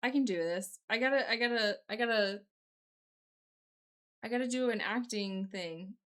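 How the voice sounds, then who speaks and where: A woman's voice: a little high, normal speed. A young woman chatting casually on her live stream, giggling often and poking fun at herself. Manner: giggly, self-deprecating, chatty. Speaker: live streamer learning to code. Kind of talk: casual chat.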